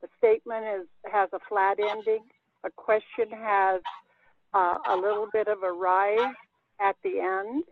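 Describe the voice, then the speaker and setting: A woman's voice: mid-range voice, fairly even intonation, measured pace. A woman leading a group language class over a video call, explaining patiently and step by step. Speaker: language teacher. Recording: dry, phone-like video call audio.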